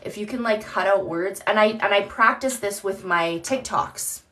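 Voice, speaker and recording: Woman rambling on a phone livestream, casual swearing, mid pitch. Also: moderate pace, a bit bright, slight background noise. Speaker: live streamer. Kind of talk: casual live-stream chat.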